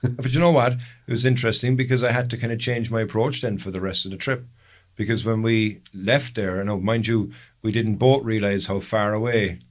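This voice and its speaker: A man's voice: on the low side, steady tone, fairly quick. An Irish man co-hosting a podcast, chatting casually and telling long, rambling stories that he often corrects as he goes. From Ireland. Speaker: podcast co-host. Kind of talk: casual chat.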